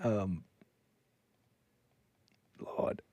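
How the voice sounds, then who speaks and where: A man's voice: drawn-out words, mellow, no room sound. A man hosting a call-in show, riffing in a mocking, rambling way and putting on silly voices to quote people. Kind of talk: casual on-air commentary.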